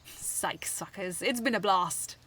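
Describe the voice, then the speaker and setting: A woman voicing a smug, protective masked male phantom thief in a low, hushed, half-whispered voice. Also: takes it slowly, slight background noise.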